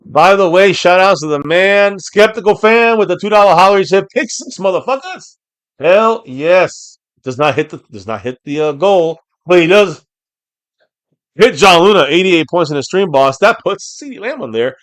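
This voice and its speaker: An excitable man hosting a fan reaction stream in a slightly high voice. He calls the action and reads out viewer names, then bursts into shouting on big plays. The sound is dry and close. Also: normal speed, dry recording. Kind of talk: live game reaction and chat reading.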